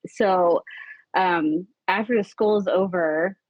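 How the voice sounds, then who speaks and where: Animated woman telling a story, lo-fi. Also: takes it slowly, no echo. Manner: animated, acts out quotes with big pitch jumps, swears casually. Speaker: podcast guest. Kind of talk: casual storytelling. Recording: dull lo-fi recording.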